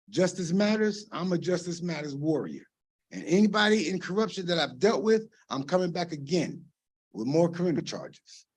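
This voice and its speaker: A middle-aged man speaking at a council meeting's public comment, impassioned and rambling, swinging from quiet to loud at a podium microphone. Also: high-pitched, husky.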